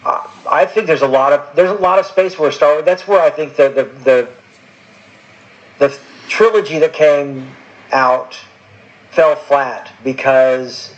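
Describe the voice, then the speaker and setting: A man's voice: fairly high pitch, a little slow. A man co-hosting a podcast in casual chat, enthusiastic and stumbling over restarts. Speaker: podcast co-host. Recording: dull lo-fi sound.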